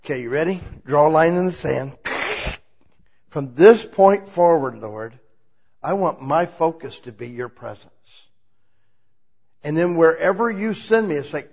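A man preaching an informal, conversational sermon, asking the congregation many questions and swinging between quiet asides and loud, emphatic lines. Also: fairly high pitch, very animated, moderate pace, vocal fry, pauses often, slightly rough, dull audio. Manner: asks the listeners many rhetorical questions.

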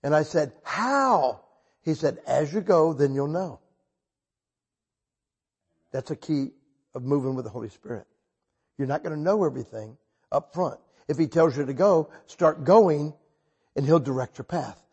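A man preaching a sermon and telling a story, animated and breaking into loud bursts when he quotes himself. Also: on the high side, normal speed, pauses often, slightly rough.

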